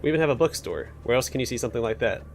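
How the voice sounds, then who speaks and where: A man's voice: medium pitch, animated, very fast, darkish tone, a little hiss or hum, close to an everyday voice. A man voicing a proud male militia officer in a game, who talks in a boastful, matter-of-fact way.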